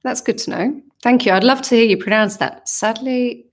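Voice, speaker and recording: A woman's voice: fairly high pitch, moderate pace. A woman with a southern English accent, chatting casually on a livestream Q&A, reading fan comments aloud and answering in a reflective, hesitant way with many ums. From England. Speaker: singer answering fan questions.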